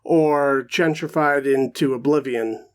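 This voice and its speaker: Speaking slowly at medium pitch with fairly even intonation, a male podcast co-host chats casually about a film. He thinks aloud and leans on lots of fillers.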